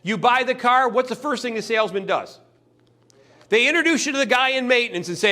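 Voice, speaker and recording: Fairly quick and very high-voiced, a man delivers a motivational sales training talk. He animatedly enacts mini scenes between customers and salespeople, mimicking the customers' voices.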